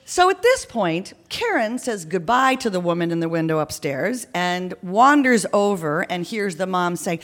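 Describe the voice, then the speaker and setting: Animated woman telling a live story. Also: on the low side, normal speed, few pauses. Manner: animated, chatty, frequent ums and okays.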